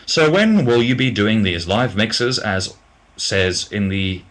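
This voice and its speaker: Young Australian male, very low and bright-edged, hesitant, blunt, casual and tired. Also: animated. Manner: hesitant and halting, many ums and restarts, then blunt. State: getting tired. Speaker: music producer. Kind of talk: casual livestream Q&A, reading out viewer questions.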